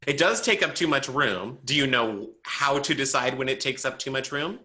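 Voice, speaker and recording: A man teaching a braille class online, explaining step by step in a playful, animated way and quizzing his students. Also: medium pitch, moderate pace.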